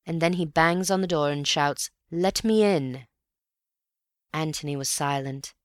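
A woman narrating a novel at a steady, even storytelling pace. Her voice sits very low, and she reads close to the mic. The sound is dry, with no room around it. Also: moderate pace, clean tone, no echo. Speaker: audiobook reader. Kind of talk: scripted narration.

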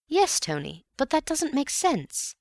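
A woman reader voicing an eager young Englishman, a cheerful friend who talks in brisk, breezy upper-class slang. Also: sits high, wildly swooping pitch, a little mellow, no room sound, studio quality, voice pushed up, exaggerated voice. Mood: puzzled.

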